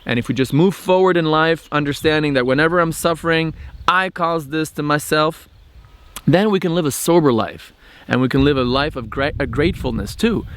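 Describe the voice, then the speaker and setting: Brief: male vlog host, slightly high voice, reflective and explanatory, lots of "um"s. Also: a little fast. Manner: thoughtful, explanatory, with frequent "um" and restarts. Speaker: channel host. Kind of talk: reflective spiritual vlog monologue.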